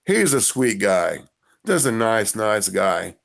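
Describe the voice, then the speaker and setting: A man's voice: on the low side, sing-song, takes it slowly, creaky, a bit bright. A man, a musician guest on a podcast, telling rambling stories in casual conversation. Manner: rambling storyteller. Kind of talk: casual interview chat.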